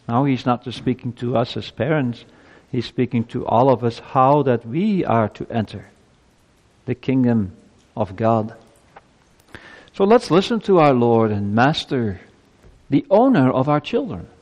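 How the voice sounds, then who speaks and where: A man's voice: medium pitch, big pitch swings, measured pace, pauses often, a little mellow, muffled recording. A male pastor giving a sermon in a church, earnest and emphatic, his voice climbing as he presses his points. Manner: earnest, emphatic preaching with rising intensity. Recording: long reverb of a church hall.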